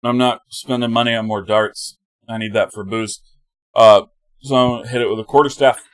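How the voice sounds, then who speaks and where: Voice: medium pitch, fairly even intonation, brisk. Playful, jokey tabletop player. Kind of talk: casual tabletop game chat. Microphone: online voice call.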